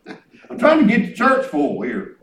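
A man's voice: sits high, huge pitch swings, moderate pace, a bit bright. A middle-aged man preaching a folksy, emphatic sermon and repeating himself for effect. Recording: echoey room, from a distance.

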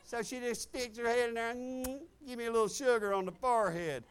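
A male pastor preaching a sermon, telling personal stories in an animated, exclamatory way. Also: extremely high pitch, a little fast, clean tone. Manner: animated, exclamatory, chuckling storyteller.

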